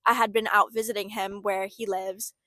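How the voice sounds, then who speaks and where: A woman's voice: mid-range voice, level tone, normal speed, pushed and bright, no echo. A young woman co-hosting a casual chat, reflective and full of "like" fillers. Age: young adult. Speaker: podcast co-host.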